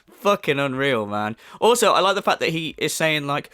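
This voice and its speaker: Male commentator, sneering profane rant, very animated delivery. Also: fairly high pitch, normal speed. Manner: scornful, swears heavily, mocking. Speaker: commentary YouTuber.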